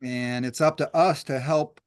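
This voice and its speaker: A man's voice: medium pitch, steady tone, unhurried, clear, resonant tone, no echo, clean studio sound. A man, a chiropractor co-hosting a podcast, chiming in with short prompts and remarks. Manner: brief, prompting interjections. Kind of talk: casual podcast chat.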